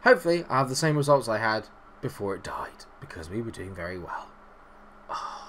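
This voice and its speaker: A young man giving chatty, self-mocking let's-play commentary at his home computer, breaking into high, loud bursts of glee. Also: sing-song, a little fast. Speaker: gaming YouTuber.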